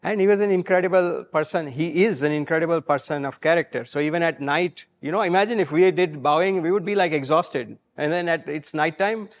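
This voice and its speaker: Man, gravelly and fairly high, animated storyteller giving a talk. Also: brisk, hardly any pauses. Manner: animated, acts out quotes, frequent fillers. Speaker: guest speaker. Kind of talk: storytelling talk to a live audience.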